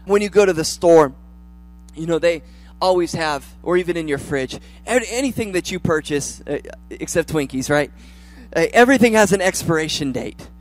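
A young man preaching a sermon in a church, chatty and joking, then rising to loud fervor. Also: on the high side, normal speed. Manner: humorous, conversational preaching that builds to loud fervor. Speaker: pastor.

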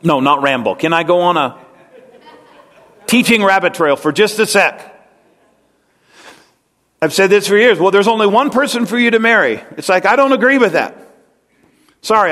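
A pastor with a high-sitting, fairly bright voice preaches a conversational, rambling sermon, often putting questions to his congregation. The recording carries a long hall reverb.

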